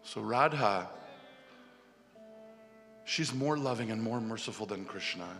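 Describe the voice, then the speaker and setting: Male spiritual storyteller, gravelly tone, long reverb in a hall. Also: on the low side, measured pace, faint music behind. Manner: animated, casual retelling with fillers. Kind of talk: devotional storytelling talk. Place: festival hall.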